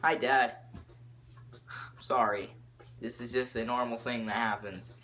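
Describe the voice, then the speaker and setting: Teen male podcaster, excitable rambler, mid pitch. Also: a little slow. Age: teens. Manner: excitable, jumps topics, lots of fillers. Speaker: podcast host.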